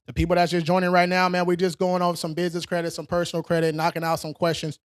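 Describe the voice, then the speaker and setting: Man, somewhat high voice, smooth crisp tone, dry close sound, casual livestream host answering chat. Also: monotone, very fast, no echo. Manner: casual, streetwise, reads chat questions aloud and answers directly. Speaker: credit repair livestream host. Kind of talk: casual live-stream Q&A.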